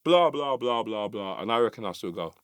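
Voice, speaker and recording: A man with a London accent, a guest on a podcast, speaking emotionally and haltingly, often restarting his sentences. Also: fairly low pitch, expressive, smooth, dry recording, clean studio sound. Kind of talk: casual chat.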